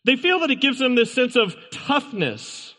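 Pastor with a high-pitched voice, preaching emphatically from the pulpit; repetitive, questioning delivery. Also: male voice, very animated, normal speed, sharp tone. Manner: emphatic, repeats lines and asks rhetorical questions. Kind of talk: sermon. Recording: long reverb from a large room.

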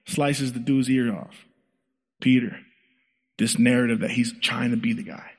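A man preaching a sermon as pastor, telling a story with animated delivery and acting out the quoted lines. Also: mid-range voice, moderate pace, in a large hall.

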